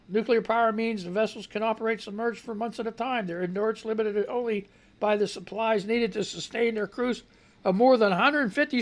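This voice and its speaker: Male radio host with a gravelly, slightly rough voice; reads news copy, then rants sarcastically with profanity. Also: sits high, fairly bright tone. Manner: sarcastic, profane ranting while reading news. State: voice not quite right. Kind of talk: live radio news commentary.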